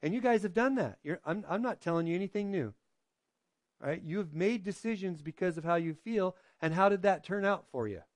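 A man's voice: lively intonation, brisk, no echo. A man preaching a sermon in a conversational way, often asking the congregation "right?" and acting out quoted voices. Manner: acts out quoted voices with drops in pitch. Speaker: pastor.

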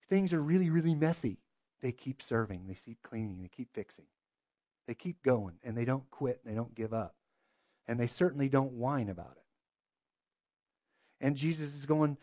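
A man's voice: a little high, a little mellow, no room sound. A man preaching a sermon as a pastor, earnest and full of rhetorical questions.

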